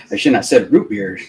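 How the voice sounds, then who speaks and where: A man hosting a live stream, telling a long, rambling anecdote in casual, animated talk with many restarts. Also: mid-range voice, rough recording. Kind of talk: casual storytelling on a live watch-along stream.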